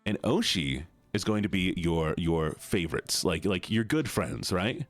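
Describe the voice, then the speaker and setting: A man's voice: low-pitched, animated, measured pace, dry recording, faint music behind. A man chatting playfully and teasingly with his chat on a live stream.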